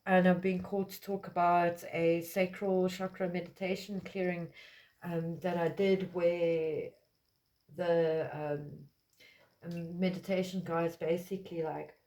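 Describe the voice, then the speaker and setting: A woman's voice: on the low side, little pitch movement, a little slow, darkish tone. A woman giving a casual collective tarot reading, talking in a meandering way with lots of fillers. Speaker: tarot reader.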